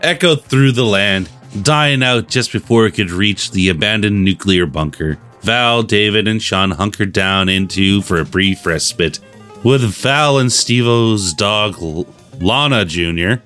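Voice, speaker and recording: A man's voice: fairly low pitch, animated, a little slow, pushed and bright, soft background music. A man reading fan fiction aloud on a podcast, with dry asides between passages.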